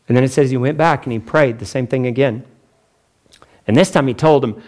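A man preaching a sermon as pastor, talking in a chatty, joking way and acting out quotes with big pitch swings. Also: fairly quick, darkish tone.

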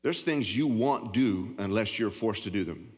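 A middle-aged man preaching in a low, folksy voice, circling back and restarting his words as he talks. His voice rings out with a long reverb through a large church hall. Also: moderate pace. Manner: folksy, repetitive, stammering. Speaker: pastor. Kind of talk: sermon.

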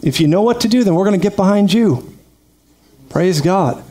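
A man preaching a lively sermon, energetic and quick to laugh, calling out praise to his congregation. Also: high voice. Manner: energetic, laughs often, calls out "praise God". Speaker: pastor.

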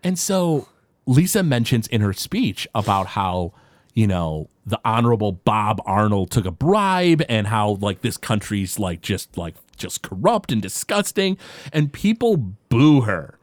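A man's voice: mid-range voice, big pitch swings, unhurried, no room sound, studio quality. A man co-hosting a podcast, rambling through an episode recap with lots of filler words. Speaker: podcast co-host. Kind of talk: casual recap chat.

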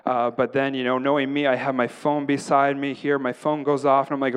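A man's voice: mid-range voice, brisk, hardly any pauses, smooth. A middle-aged man giving a casual sermon, acting out stories of his own prayers and often tagging sentences with "right?". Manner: animated storyteller, acts out his own prayers, tags lines with "right?". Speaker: pastor.

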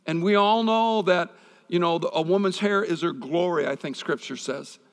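A man's voice: high voice, normal speed. Man preaching a conversational sermon in a hall. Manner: conversational preaching with personal stories. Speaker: pastor.

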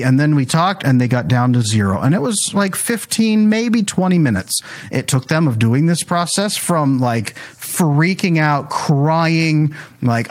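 A man's voice: a little high, normal speed. A man, a coach, explaining his method in a casual conversation, acting out the people he quotes. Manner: animated storytelling, acts out quoted voices.

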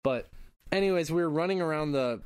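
A man's voice: a little high, a little fast, a little mellow, smooth, no room sound, studio quality. A man in his thirties co-hosting a podcast, telling a rambling story in casual chat, swearing and laughing often. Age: 30s. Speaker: podcast co-host.

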